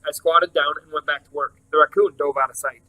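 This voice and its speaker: A man reading a novel aloud in steady, first-person storytelling narration. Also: a little high, a little fast, rough recording. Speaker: reader.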